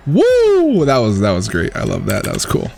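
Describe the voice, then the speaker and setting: A man's voice: lowish voice, fast, gravelly, faint music behind. A man casually commentating his own competitive match, thinking aloud and cheering his plays. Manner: excitable, thinks aloud, talks to the opponent.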